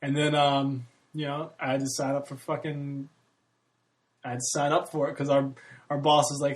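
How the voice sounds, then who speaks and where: A podcast host in his early thirties rambles candidly in a casual monologue, using a mid-range voice with little pitch movement at a moderate pace. He swears freely and laughs often.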